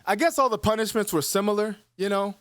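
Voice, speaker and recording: A man's voice: high voice, quick pace, clean tone, dry recording. A man in his twenties, co-hosting a podcast, telling stories in casual chat with lots of laughter and swearing. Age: 20s. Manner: animated storyteller, laughs a lot, swears freely. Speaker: podcast co-host.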